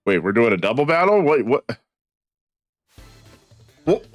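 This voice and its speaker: A man's voice: mid-range voice, very animated, a little slow, long pauses, dry recording, faint music behind. A young man streamer giving casual, joking, sweary commentary while playing a game. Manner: sweary, joking, reads dialogue aloud. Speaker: gaming streamer.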